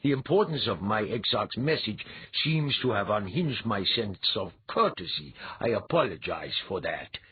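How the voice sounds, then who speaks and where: A man's voice: fairly low pitch, sing-song, normal speed, hardly any pauses, slightly rough, phone-quality sound, heavily acted. A man reading as a grave, wry priest envoy. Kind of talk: audiobook character voice.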